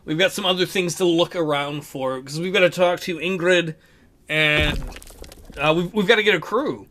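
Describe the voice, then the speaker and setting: A man's voice: a little high, moderate pace, bright, forceful tone. A man hosting a casual let's play, commenting on a game in a jokey, upbeat way.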